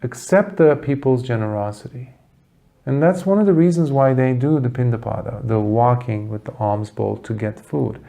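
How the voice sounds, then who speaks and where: A man giving a Buddhist dharma talk, telling a story earnestly with dramatic pauses. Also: medium pitch, creaky, dark tone. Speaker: Buddhist teacher.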